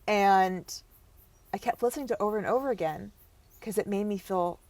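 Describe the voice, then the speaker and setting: Young woman guest with a mid-height voice, halting and emotional, trailing off into near whispers. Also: medium pitch, a little mellow, no echo. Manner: halting, breaks off and restarts, voice drops to near whisper at times. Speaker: podcast guest. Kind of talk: emotional personal storytelling.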